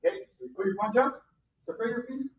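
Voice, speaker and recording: A karate instructor teaching a beginner class, counting out drills and calling punch commands in loud bursts. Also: medium pitch, fast talker. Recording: distant, roomy, dull sound with faint noise.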